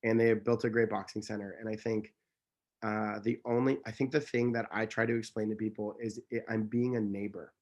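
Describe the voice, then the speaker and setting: A man's voice: lowish voice, level tone, brisk, darkish tone, dull audio. A man speaking as an interview guest, telling stories in an earnest, passionate, emphatic way that rambles and corrects itself. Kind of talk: casual conversational storytelling.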